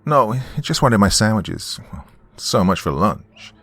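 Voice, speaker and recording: A man's voice: very animated, moderate pace. A man putting on a scared young girl's voice. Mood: pleading. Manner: high pleading voice. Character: frightened thirteen-year-old girl.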